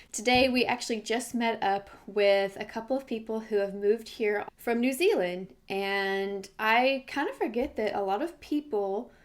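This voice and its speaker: An American woman in her thirties chatting casually in a vlog, self-deprecating and laughing often. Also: medium pitch. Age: 30s. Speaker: vlogger.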